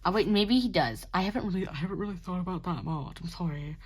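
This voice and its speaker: Young woman, lowish voice, sleepy, yawning, rambling casual chat, self-mocking giggles. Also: quick pace, husky. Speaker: artist showing her sketchbook.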